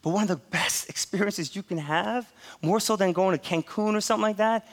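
A pastor in his forties preaching a sermon, telling stories with animated, laughing asides. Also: sits high, fairly quick.

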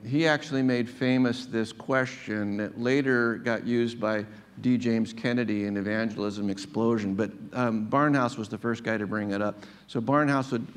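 Pastor, male, mid-range voice; unpolished and conversational, slows for emphasis. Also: medium pitch. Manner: conversational preaching with frequent restarts and fillers. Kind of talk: sermon.

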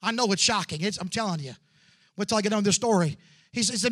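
A man in his forties preaching a dramatic testimony, moving between hushed storytelling and loud fervor with drawn-out "uh" fillers. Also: high voice, animated. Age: 40s. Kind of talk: sermon testimony.

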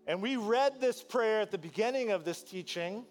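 A man preaching a sermon as pastor, telling a story with lively, animated delivery and acting out voices. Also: sits high, moderate pace, soft background music.

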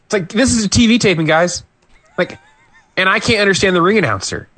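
A man co-hosting a casual podcast, animated and sarcastic, his voice rising on disbelief. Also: sits high, fairly quick, slightly rough, no echo. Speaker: podcast co-host. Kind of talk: casual chat reviewing wrestling.

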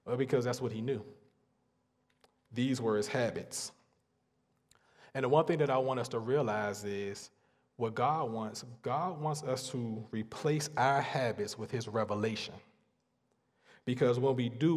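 A man preaching a sermon, earnest and emphatic, pausing and repeating phrases to drive points home. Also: mid-range voice, darkish tone. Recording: long hall reverb.

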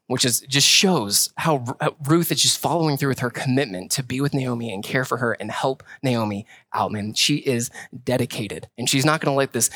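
A male pastor giving a sermon in a relaxed, conversational way. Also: mid-range voice, no echo. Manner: conversational, casual.

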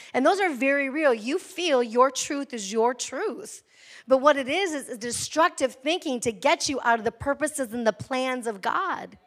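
A woman pastor in her forties preaching an energetic, conversational sermon with frequent call-outs to the congregation. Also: sits high, moderate pace.

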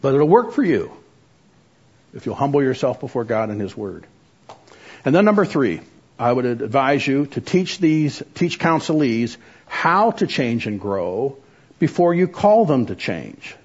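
A man's voice: medium pitch, very animated, measured pace, a little mellow, slightly rough. A man teaching a lecture on biblical counseling, earnest and exhorting, with frequent filler words. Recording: muffled lo-fi recording.

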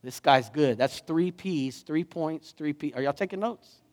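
A man pastor preaching a sermon, animated and rising to emphatic questions. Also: on the high side, unhurried, big-room sound.

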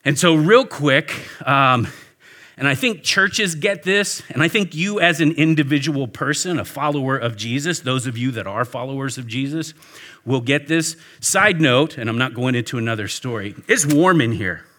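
A man, a pastor, telling a lively story to a church audience and talking back and forth with them. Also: medium pitch, moderate pace. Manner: animated storyteller, talks with the audience. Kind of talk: storytelling sermon. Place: warm indoor church hall with an audience.

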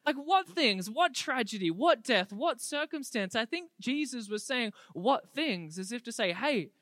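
A young adult preacher giving an energetic, humorous youth sermon that builds to fervent emphasis. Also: mid-range voice, a little slow, few pauses, no room sound.

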